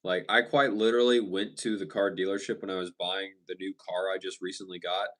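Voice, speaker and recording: A young man hosting a livestream, casually chatting with viewers and answering their comments in a relaxed way, often stumbling and restarting his sentences. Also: low-pitched, brisk. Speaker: livestream host. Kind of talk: casual live chat reading viewer comments.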